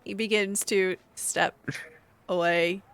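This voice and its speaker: A woman narrating a tabletop game as game master, describing the action briskly and calling for rolls. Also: medium pitch, steady tone, a bit bright, clean tone, faint music behind.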